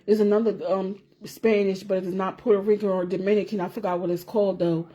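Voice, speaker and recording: In a muffled recording, a woman vlogger speaks a little fast with a warm, medium-pitched voice and a flat delivery. Chatting casually to camera, she meanders, says things twice, swears freely and laughs along the way.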